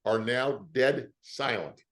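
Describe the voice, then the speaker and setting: An older man, an actor, telling stories in an interview with a lively, emotional delivery. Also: medium pitch, slow pace. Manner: lively storyteller, emotional at times. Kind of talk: animated anecdotes.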